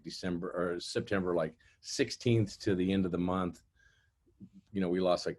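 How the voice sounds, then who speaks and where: A man's voice: sits low, darkish tone. A man telling rambling, profane stories on a casual industry call. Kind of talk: casual chat.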